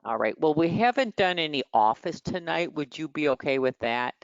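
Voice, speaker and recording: This Michigan woman has a deep, animated voice with a clean tone and moderate pace, and a nasal Midwestern accent. She tutors for exams in a chatty, teasing, direct manner during an online session, heard through muffled, dry call audio with no room sound.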